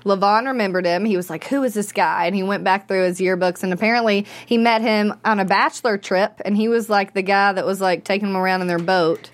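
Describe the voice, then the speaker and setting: A woman's voice: medium pitch, steady tone, fast talker, hardly any pauses. Chatty woman steering a casual discussion. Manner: chatty, steers the talk with questions. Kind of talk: casual chat about a TV show.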